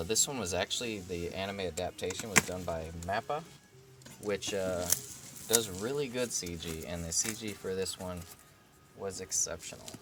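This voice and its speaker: A man with a fairly low voice talks through an unboxing in a relaxed, meandering way, often correcting himself mid-sentence. A steady background noise hums under the recording throughout. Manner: relaxed, rambling, frequent fillers and self-corrections. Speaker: vlog host unboxing a collectible figure. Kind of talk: casual unboxing commentary.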